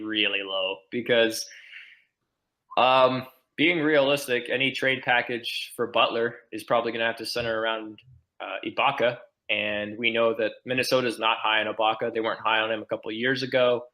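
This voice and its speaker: Podcast guest, male, bright and forceful tone, rambly and filler-heavy. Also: fairly low pitch, little pitch movement, moderate pace, low-quality recording. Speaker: podcast guest, team blogger. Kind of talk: casual podcast chat.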